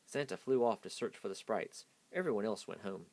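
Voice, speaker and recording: A man's voice: fairly low pitch, brisk. A man hastily reading a children's picture book aloud. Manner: hasty reading. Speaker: storyteller.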